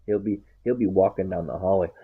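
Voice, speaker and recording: A man's voice: low voice, a little fast, husky. A man rambling about his dog in casual chat, swearing a lot and acting out what he says to it. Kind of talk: casual profane storytelling. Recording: tinny phone-like sound.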